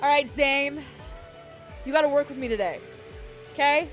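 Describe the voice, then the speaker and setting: A woman's voice: sits high, normal speed, faint music behind. A young woman streaming live, chatting casually and giggling as she greets her viewers.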